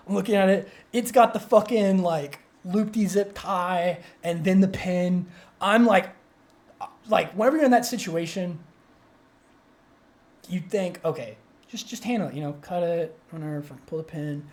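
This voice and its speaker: A young man co-hosting a podcast, telling a story in casual chat, excitable and rambling with frequent swearing and restarts. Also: high-pitched, moderate pace. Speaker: podcast co-host.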